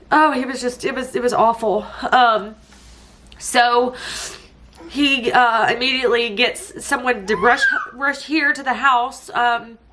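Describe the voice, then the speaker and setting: A woman's voice: a little high, bright, forceful tone, a little hiss or hum. A woman, telling a personal story to her viewers, often tearful and breaking up as she speaks. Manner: tearful, voice breaking while recounting. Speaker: vlogger.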